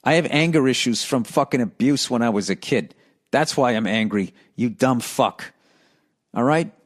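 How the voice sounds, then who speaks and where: A man's voice: medium pitch, animated, moderate pace. A middle-aged man hosting a podcast, ranting sarcastically and profanely about cyclists while reading listener letters. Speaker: podcast host.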